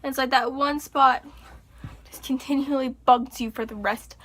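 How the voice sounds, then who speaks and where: A young woman chatting casually to her viewers, animated and chatty, acting out exasperated reactions. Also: high-pitched, moderate pace. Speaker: vlogger. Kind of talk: casual chat to camera.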